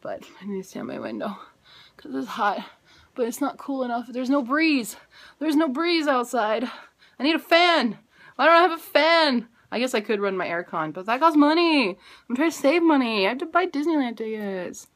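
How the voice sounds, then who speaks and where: A woman's voice: sits high, big pitch swings, normal speed, a bit bright. A woman in her twenties talking casually in a video diary, bubbly, rambling and self-mocking. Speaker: vlogger.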